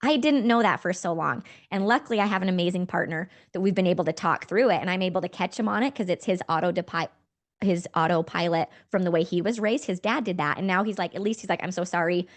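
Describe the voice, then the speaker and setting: A woman's voice: on the low side, fast talker. A woman in her forties, hosting a podcast, telling a personal story in a candid, conversational way. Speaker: podcast host.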